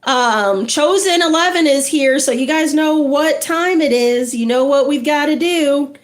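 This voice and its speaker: A woman's voice: sits high, measured pace. A woman hosting a casual livestream, chatting with viewers in an encouraging, chatty way and greeting them by name. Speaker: livestream host.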